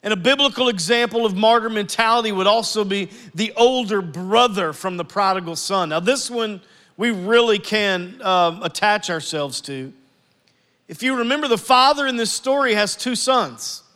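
A man preaching a sermon to his church, animated and acting out family scenes. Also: sits high, normal speed, big-room sound. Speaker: pastor.

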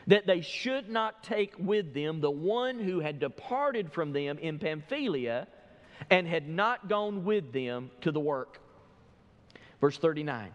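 A man's voice: fairly high pitch, lively intonation, unhurried, long reverb tail. A male pastor preaching a sermon, walking through a Bible passage verse by verse and telling listeners what to underline. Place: church sanctuary.

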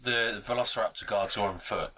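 A man playing a tabletop game, asking wry, low-key questions. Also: steady tone, a little fast, background noise. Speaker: player. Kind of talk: casual tabletop game chat.

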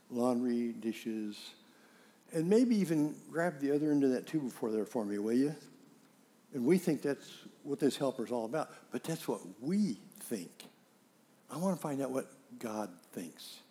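A middle-aged man preaching a sermon, telling stories and acting out dialogue with animated emphasis. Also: medium pitch, moderate pace. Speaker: pastor.

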